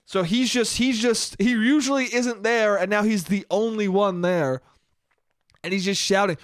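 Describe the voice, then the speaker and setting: A man's voice: sits high, normal speed, no echo, studio quality. A young man hosting a casual solo podcast, rambling and swearing, slangy with "dude" and "bro". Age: young adult. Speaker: podcast host.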